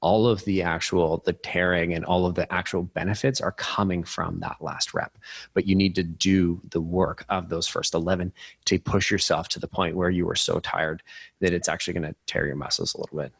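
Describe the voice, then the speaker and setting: A man co-hosting a podcast, chatting in a relaxed, conversational and self-deprecating way. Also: low voice, brisk, gravelly, slightly rough, dry recording. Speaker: podcast co-host.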